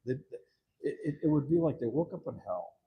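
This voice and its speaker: A citizen activist rants casually and animatedly, swearing heavily as he tells a story and acts out other people's voices. His medium-pitched voice is very animated and brisk. The audio is narrow and tinny, with slight background noise.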